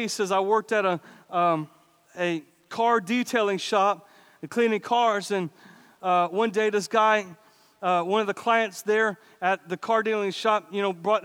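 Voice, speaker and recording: A man's voice: high-pitched, a bit bright, clean tone. A man preaching a sermon as pastor of a church, in a casual, conversational way with asides and laughs. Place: church sanctuary. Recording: reverberant hall.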